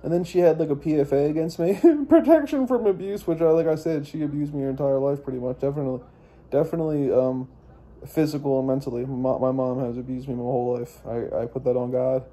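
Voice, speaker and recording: A man's voice: mid-range voice, little pitch movement, fast talker, hardly any pauses, dark tone. A young man telling a personal story in a rambling, profane monologue, full of fillers and restarts. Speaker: vlogger.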